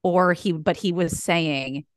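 Low-voiced bubbly woman co-hosting a chat. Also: no echo, studio quality. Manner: bubbly and gushing, quick to laugh. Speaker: co-host. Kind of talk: casual chat.

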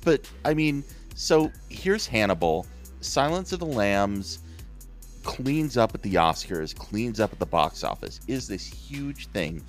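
A man's voice: fairly low pitch, big pitch swings, unhurried, soft background music. A man hosting a casual movie podcast, telling the story with mock quotes in silly voices. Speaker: podcast host.

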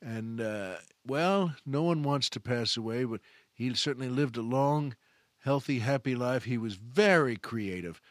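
A man's voice: medium pitch, measured pace, no room sound, studio quality. A man hosting a podcast, telling a film anecdote in a chatty, enthusiastic way, often restarting his phrases. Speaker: podcast host. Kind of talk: casual anecdotal storytelling.

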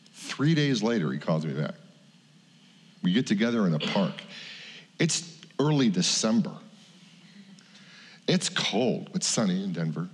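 A middle-aged man preaching in a church, telling a personal story in a conversational, animated way. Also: lowish voice, a little slow, long pauses. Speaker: pastor. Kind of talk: sermon storytelling. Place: church sanctuary. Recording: church hall reverb.

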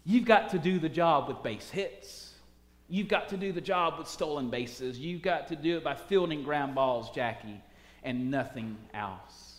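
A preacher putting on a forceful old ball club boss. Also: male voice, on the high side, measured pace, natural voice. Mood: emphatic. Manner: forceful, challenging, emphatic. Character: hard-driving older male baseball executive. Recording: echoey hall reverb.

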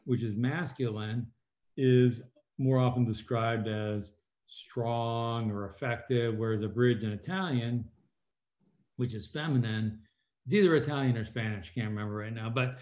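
A middle-aged man, a former submarine captain and now an author, telling stories as a guest in an interview and quoting people in lively voices. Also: mid-range voice, normal speed. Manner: animated storyteller, quotes people in lively voices. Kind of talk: conversational interview storytelling. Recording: roomy, slightly dull sound.

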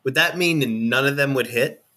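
Bright-voiced male tabletop player. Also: mid-range voice, normal speed. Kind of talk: casual tabletop game chat.

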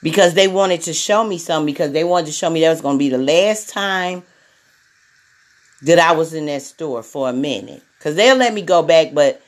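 A woman's voice: sits low, moderate pace. Woman podcast host, frank and salty, rambling casual monologue. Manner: blunt and profane, with many repetitions.

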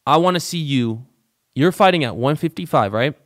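A man hosting a casual sports talk show, animated and profane, swinging from loud outbursts to low muttered asides. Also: normal speed. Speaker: show host.

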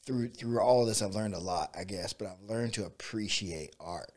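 Low-voiced man, easygoing martial arts coach, loose chatty delivery. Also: moderate pace. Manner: relaxed, rambling, says "dude" and "like" a lot. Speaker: jiu-jitsu and MMA coach. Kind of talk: casual conversation.

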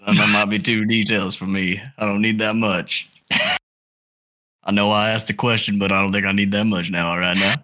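A man's voice: on the low side, fast talker. A man voicing an old, folksy and creepy girlfriend's dad in an improvised comedy sketch, drawling and calling everyone son. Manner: soft-spoken.

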